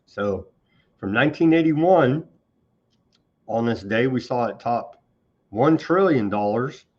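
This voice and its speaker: A man's voice: mid-range voice, expressive, slow pace, lo-fi sound. A man hosting a news commentary show, reading on-this-day items and mocking them with heavy sarcasm. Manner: sarcastic, mocking, scornful of government. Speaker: host.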